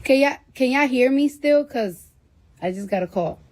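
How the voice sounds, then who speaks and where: Profane rambling woman, slightly high voice. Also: expressive, moderate pace, a little mellow. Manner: rambling, profane, heavy use of "like". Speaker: livestreamer talking to viewers. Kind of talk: casual storytelling.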